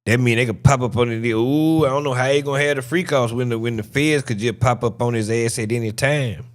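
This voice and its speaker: A man hosting a live stream, reacting to clips and chatting casually with his audience in a loud, profane, joking way. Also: mid-range voice, fast. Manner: excited, profane, laughing banter with chat.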